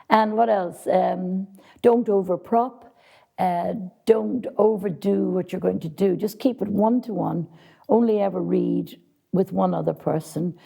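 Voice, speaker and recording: A woman's voice: mid-range voice, slow pace, gravelly, dark tone, slightly rough. A woman casting director answering interview questions with direct, practical advice for actors, speaking frankly.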